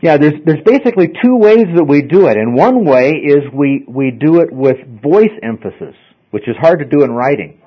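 A man's voice: fairly high pitch, expressive, moderate pace. A man teaching a classroom lecture, explaining step by step and often asking "okay?" to check in with his students. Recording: slightly dull lo-fi recording.

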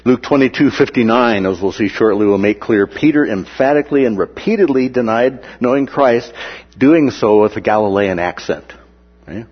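A man's voice: mid-range voice, moderate pace, breathy edge, in a large hall, highs cut off. A man teaching through a Bible passage in a conversational way, with many "uh" and "right?" asides, sometimes acting out the quoted voices.

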